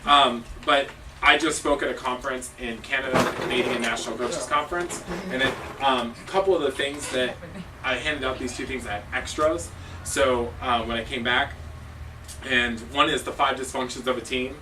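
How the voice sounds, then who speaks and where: A man leads a staff training session, his tone casual and joking but emphatic. His voice sits at a middle pitch. The mic is well away from him, and steady background noise fills the room. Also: normal speed. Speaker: cheer coach and judge. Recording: distant mic with noisy background.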